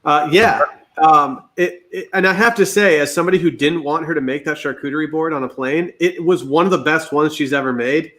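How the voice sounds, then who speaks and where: Man with wry, deadpan humor in banter. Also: on the high side, brisk. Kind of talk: casual banter between friends.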